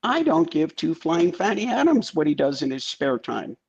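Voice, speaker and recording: A man's voice: fairly high pitch, big pitch swings, moderate pace, vocal fry, slightly rough. A man co-hosting a casual political chat, blunt and repeating himself for emphasis, on dull lo-fi audio. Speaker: co-host.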